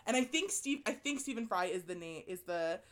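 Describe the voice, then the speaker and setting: A woman's voice: medium pitch, expressive, brisk. A woman in casual podcast chat, talking animatedly, laughing often and swearing as she raves about a book.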